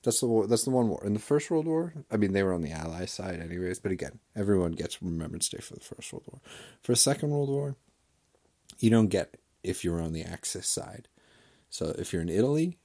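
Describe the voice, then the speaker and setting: A man's voice: sits low, lively intonation, brisk, mellow. A man delivering a rambling, sarcastic comedic rant full of digressions.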